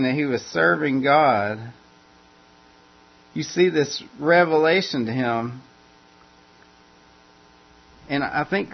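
A male preacher teaches in a loose, conversational way, circling back over his phrases. His voice is gravelly and husky. The recording sounds muffled and lo-fi. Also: on the high side. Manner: informal, repeats and restarts phrases as he explains. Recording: dull lo-fi recording.

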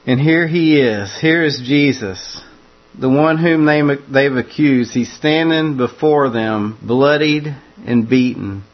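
A man's voice: mid-range voice, takes it slowly. Casual guy preaching through a bible passage, repeats himself, kinda muffled recording. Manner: conversational, repeats words and restarts phrases. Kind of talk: expository sermon on scripture.

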